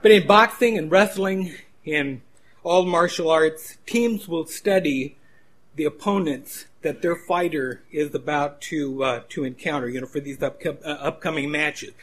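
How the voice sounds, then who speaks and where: A man's voice: on the high side, unhurried. A man preaching a sermon in a conversational storytelling manner, with frequent restarts.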